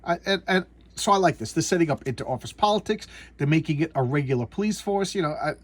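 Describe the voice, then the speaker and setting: A man with a husky, slightly high voice talks through a comic issue in a loose, casual way. He stumbles over words, repeats himself and loses track of names as he goes. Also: animated, fast talker. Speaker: comic book reviewer. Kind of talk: casual comic review chat.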